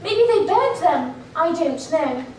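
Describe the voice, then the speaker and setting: A woman's voice: very high voice, animated, slow, a little hiss or hum, exaggerated voice. A young woman playing Mary Lennox, a blunt orphan. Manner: forthright and sharp-tongued. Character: blunt, contrary orphan girl. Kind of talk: stage acting in a school musical. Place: school theater stage. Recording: echoey stage from far off.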